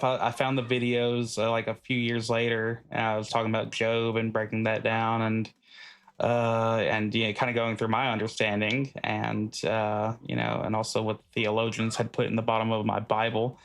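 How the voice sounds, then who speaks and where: A man hosting a podcast in casual chat, rambling with many fillers and frequent laughs. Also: medium pitch. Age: adult. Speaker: podcast host.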